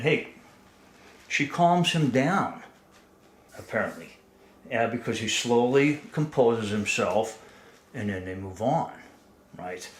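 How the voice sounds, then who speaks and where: A man's voice: mid-range voice, a bit bright, slight background noise. A man giving an earnest, analytical explanatory talk as a presenter. He restarts his phrases and checks in with "right?". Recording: roomy echo.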